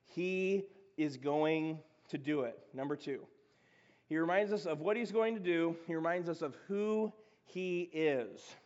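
A man preaching a sermon as pastor, talking in a conversational, animated way with frequent restarts. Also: fairly high pitch, a little slow. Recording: dull lo-fi sound in reverberant hall.

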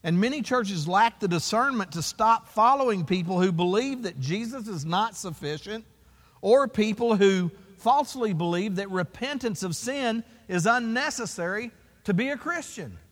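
A pastor with a high-sitting voice preaches an animated sermon at a moderate pace, emphatic and firing rhetorical questions at his congregation. A long hall reverb surrounds him.

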